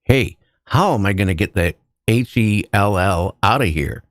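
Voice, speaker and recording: A man's voice: on the low side, lively intonation, normal speed, no echo, clean studio sound. A man hosting a late-night talk show, breaking in with blunt questions and reactions. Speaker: host.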